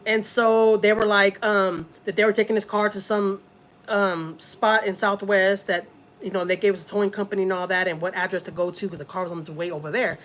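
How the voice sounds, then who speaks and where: Mom rambling through a story on a live vlog, emphatic, lots of "like" and "you know", middle-aged. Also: female voice, medium pitch, a little fast, rough recording. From Houston, Texas. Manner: rambling and emphatic, many "you know" and "like" asides, animated when voicing others. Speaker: family vlogger on a live stream. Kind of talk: casual storytelling.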